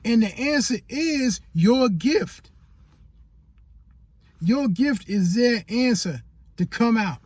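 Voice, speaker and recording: A man's voice: very high-pitched, lively intonation, takes it slowly, long pauses, breathy edge, no echo. A man giving motivational vlog talk as a YouTube coach, preachy and repeating phrases for emphasis.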